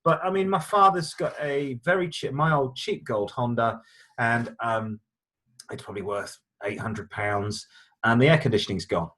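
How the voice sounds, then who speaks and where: A man's voice: mid-range voice, moderate pace. A middle-aged man co-hosting a car show, chatting casually through viewer letters in a jokey, stammering way. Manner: lively, jokey, stammering restarts.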